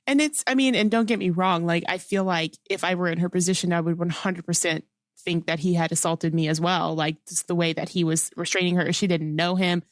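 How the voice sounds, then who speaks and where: A woman's voice: fairly low pitch, steady tone, a little fast, no echo, studio quality. A woman co-hosting a movie review podcast, talking thoughtfully and reasoning through characters' perspectives. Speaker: podcast co-host. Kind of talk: casual movie review chat.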